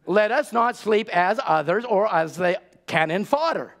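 A man's voice: high-pitched, animated, a little slow, fairly bright tone. A man preaching a sermon to his congregation, urgent and exhorting, repeating key words and asking rhetorical questions. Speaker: pastor.

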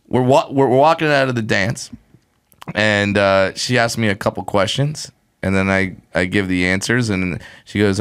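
A man's voice: on the low side, normal speed, fairly bright tone, clean tone. A man telling a comic story in casual podcast chat, acting out voices with big jumps in his delivery. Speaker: comedian guest.

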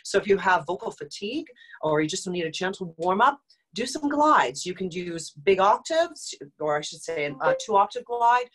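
A woman's voice: fairly low pitch, big pitch swings, moderate pace, fairly bright tone, breathy edge, low-quality recording. Woman voice teacher leading vocal exercises. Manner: instructive, demonstrating vocal exercises. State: slightly dry voice. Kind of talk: online group vocal exercise lesson.

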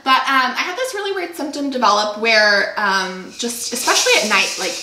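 Young woman host, emotional casual storytelling, a little hoarse, echoey room. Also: fairly high pitch, expressive, fairly quick, noisy background. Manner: emotional, trying not to cry. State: frog in her throat. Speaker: podcast co-host. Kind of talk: casual chat.

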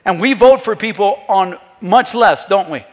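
A male pastor preaching a sermon, emphatic, dropping to a hush and then rising to loud. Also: high voice, lively intonation, moderate pace, big-room sound. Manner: emphatic, swings between hushed and loud, acts out scripture quotes. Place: church.

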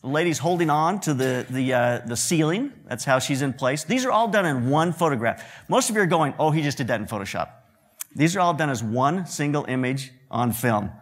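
A man with a slightly higher-than-average voice gives a lecture to students. He tells his stories in a relaxed, joking way and slips into the voices of the people he is quoting. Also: brisk. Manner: joking storyteller who acts out quotes. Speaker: guest lecturer, photographer and director.

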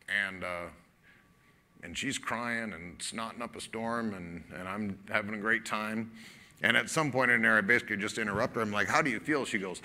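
A man pastor preaching a sermon, telling a story conversationally and acting out both sides of the dialogue. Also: on the low side. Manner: animated storytelling, acts out dialogue; casual, conversational preaching with fillers.

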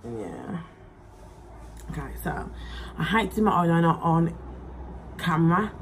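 A woman's voice: lowish voice, very animated, a little slow, slight background noise, poor audio. A young woman chats casually while doing her makeup at home, rambling with plenty of likes and ums. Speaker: beauty vlogger.

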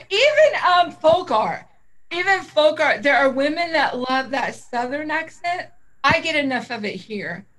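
Co-hosting a vaping livestream, a middle-aged woman keeps the talk casual, wandering off topic easily and laughing a lot as she rambles. Her voice is high, pushed, and bright.

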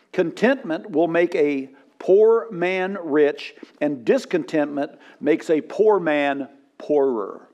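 A man, a pastor, preaching a sermon, telling funny stories and calling for responses from the congregation. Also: on the high side. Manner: storytelling with humor, rising to loud punchlines.

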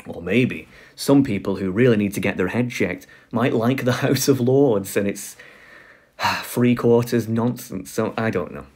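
Young guy ranting about politics, lowish voice, trips over his words a lot. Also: a little slow, a little mellow, slightly rough. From United Kingdom. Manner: passionate, ranting, frequent restarts and repeated words. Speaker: political commentary YouTuber. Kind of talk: opinionated monologue.

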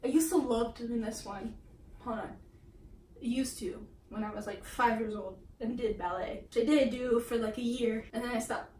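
A woman's voice: a little high, moderate pace, dark tone. A woman vlogging casually from her mom's bedroom, giggling and poking fun at herself, often out of breath, heard from a camera set back across the room. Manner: giggly, self-mocking, laughs often. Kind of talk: casual vlog. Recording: roomy, distant, faint hiss.

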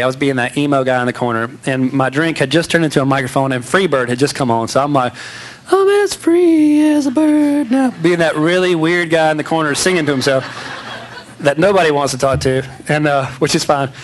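A man's voice: medium pitch, fast talker, fairly bright tone, a little hiss or hum. A man giving a candid, self-mocking storytelling speech to an audience. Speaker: speaker.

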